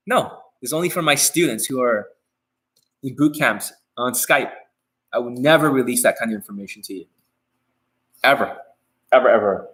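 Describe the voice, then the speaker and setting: A man's voice: medium pitch, a bit bright, rough recording. A man hosting a live stream Q&A as a dating coach, talking in a blunt, profane and rambling way with many repeated phrases.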